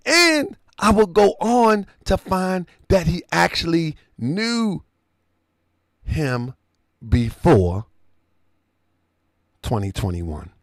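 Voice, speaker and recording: A man's voice: high-pitched, big pitch swings, drawn-out words, long pauses, no room sound. A man hosting an online talk show, casually retelling a conversation and often checking that the listener follows. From Baltimore area. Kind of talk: casual storytelling commentary.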